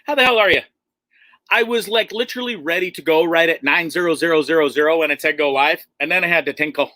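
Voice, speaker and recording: A man with a high, bright, sharp voice hosts a loose livestream chat from inside a bus. He rambles, curses freely and keeps laughing at himself. The sound is dry and close, with no room echo. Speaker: livestream host.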